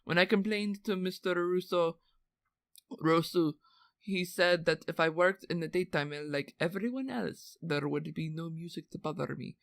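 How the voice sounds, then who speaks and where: A woman's voice: on the low side, moderate pace, vocal fry, no echo. Brief: a woman doing a brooding lovesick carver, theatrical accent, dry close sound. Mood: yearning. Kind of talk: dramatic reading of a letter.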